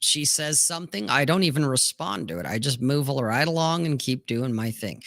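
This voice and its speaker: A man's voice: mid-range voice, lively intonation, moderate pace, creaky, few pauses, fairly bright tone, dry recording. A man in casual podcast talk, blunt and profane, who acts out both sides of conversations as he talks.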